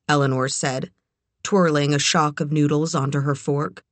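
A woman narrating a novel as an audiobook reader, in a measured, even way. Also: low-pitched, no room sound. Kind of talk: scripted narration.

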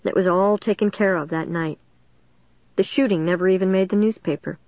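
A woman reading a first-person story aloud in a steady, measured way. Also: mid-range voice, no echo, lo-fi sound. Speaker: audiobook narrator.

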